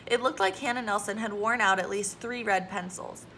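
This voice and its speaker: Bright, gravelly woman reading a story. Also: medium pitch, fairly even intonation, moderate pace, a little hiss or hum, rough recording. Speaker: audiobook reader. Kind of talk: reading a children's novel aloud.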